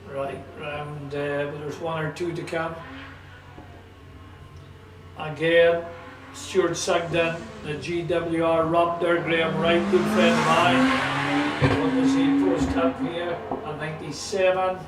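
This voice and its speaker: A Scottish man calls a car sprint live, chatty and excitable. His voice sits a little high and sounds set back from the mic in a roomy space. Engines and outdoor ambience roar behind him. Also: slow pace. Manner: chatty, excitable, talks to a companion. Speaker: motorsport commentator. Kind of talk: live race commentary. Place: at a sprint track. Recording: roomy, distant mic with loud car noise.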